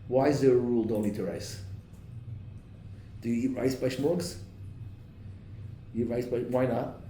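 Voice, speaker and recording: A man's voice: mid-range voice, normal speed, warm tone, slight background noise. A man giving a Torah class as a rabbi. He keeps quizzing his listeners and mixes Hebrew and Yiddish terms into his English. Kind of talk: lively Torah class lecture. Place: classroom or study hall with a live audience. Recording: echoey room, mic at a distance.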